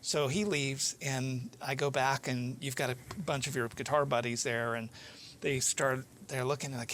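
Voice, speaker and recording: A man's voice: medium pitch, steady tone, brisk, gravelly, a bit bright, slight background noise. A man hosting an interview podcast, telling a long anecdote casually, with many fillers and restarts. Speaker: podcast host.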